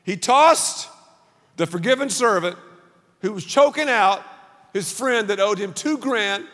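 A man preaching a sermon as pastor, punchy and animated, leading the crowd in call-and-response. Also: high voice, a little slow. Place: large church auditorium. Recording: long reverb of a large hall.

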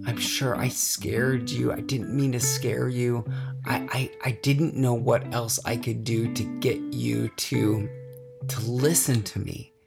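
Dad cohost on a podcast, gravelly voice, guitar playing soft behind him, earnest storytelling. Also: male voice, medium pitch, level tone, takes it slowly. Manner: earnest, self-reflective storytelling. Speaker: podcast co-host. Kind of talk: casual storytelling chat.

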